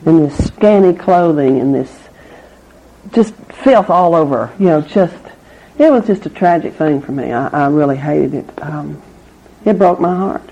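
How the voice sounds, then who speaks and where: Speaking a little slowly, with an animated, warm voice, a middle-aged woman shares her personal testimony at a recovery meeting. She stays candid and wry, finding laughs in hard memories, though the low-fidelity recording is muffled.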